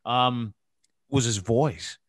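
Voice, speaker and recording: A man's voice: drawn-out words, no room sound, studio quality. A man hosting a podcast, telling stories in casual, profane banter. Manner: profane storytelling, drops into a low breathy impression. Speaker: podcast host.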